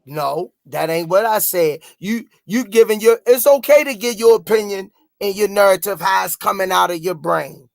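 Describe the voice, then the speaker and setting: Podcast co-host from Baltimore, high gravelly voice, loud and sarcastic, dry room sound. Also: male voice, moderate pace, hardly any pauses, no echo. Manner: loud, sarcastic, shouts and mocks. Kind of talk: heated casual debate.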